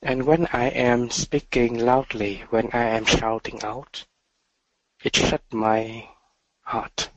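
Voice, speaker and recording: Soft-spoken slow meditation teacher, man. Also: medium pitch, little pitch movement, poor audio. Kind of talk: dharma talk.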